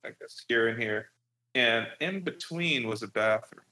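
A man in casual chat, telling a childhood story in a lively, profane way. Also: mid-range voice, unhurried. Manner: animated profane storytelling with laughs.

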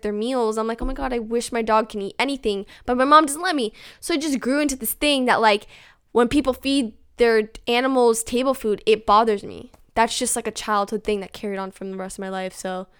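Young woman doing a casual solo podcast, chatty, says like a lot, clear smooth voice. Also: on the high side, steady tone, brisk, a bit bright. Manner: chatty, rambling, self-mocking, many "like"s. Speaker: podcast host.

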